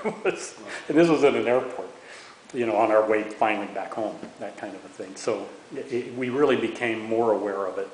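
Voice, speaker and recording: A man's voice: lowish voice, brisk. A man in his sixties, a veteran, recounting memories in an oral history interview, often stumbling and repeating words. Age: 60s. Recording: echoey room with faint hiss.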